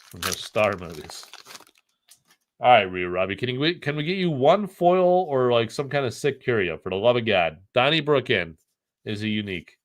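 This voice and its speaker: Animated, joking male stream host. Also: medium pitch, fairly quick. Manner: joking, rambling, reads chat aloud. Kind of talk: casual live stream chat.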